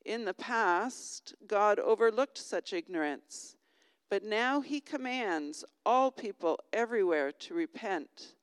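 A woman giving a formal Bible reading in a slow, measured way. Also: mid-range voice, lively intonation, clear, resonant tone, dry recording, big-room sound. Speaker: scripture reader.

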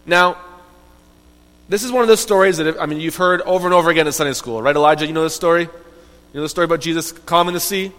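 A man telling a Bible story to children in an animated, conversational way, often asking his listeners questions. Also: high-pitched, long reverb tail, poor audio. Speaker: Bible teacher.

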